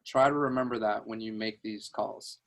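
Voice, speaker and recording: A man's voice: on the low side, fairly even intonation, moderate pace. A man coaching a sales team on a video call from home, upbeat, laughing easily and restarting his phrases, talking into a headset.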